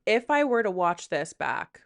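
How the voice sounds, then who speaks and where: A woman hosts a solo podcast in a candid monologue, speaking frankly and rambling self-deprecatingly, often quoting her own inner thoughts and swearing casually. Her mid-range voice is gravelly and a little slow, with big pitch swings.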